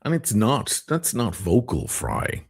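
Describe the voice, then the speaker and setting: A man hosting a casual live stream, talking in a very low, gravelly voice and reading out viewer comments as he chats. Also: huge pitch swings, slow. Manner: chatty, reads viewer comments aloud.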